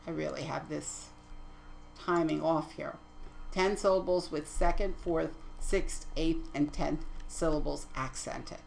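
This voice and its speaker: A woman's voice: low voice, creaky, a little hiss or hum, low-quality recording. A woman teaching poetry terms in a lecture over slides, reading definitions steadily and correcting her own slips. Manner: methodical, reads definitions aloud, self-corrects slips.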